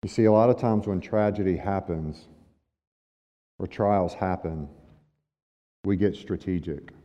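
Dull, lo-fi audio carries long hall reverb as a man delivers a conversational sermon, asking his congregation rhetorical questions. The pastor's voice is low and mellow, and his pace is measured.

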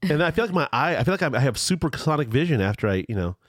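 A man's voice: fairly high pitch, big pitch swings, very fast, no echo. Man, casual chat, rambling food talk, dry close sound.

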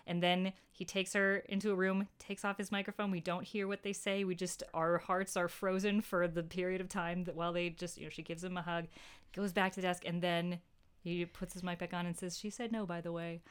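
A woman's voice: lowish voice, level tone, a little fast, smooth. A woman in her thirties co-hosting a podcast, telling stories emphatically and swearing freely. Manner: emotional, emphatic storyteller who swears freely. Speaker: podcast co-host. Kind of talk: casual chat.

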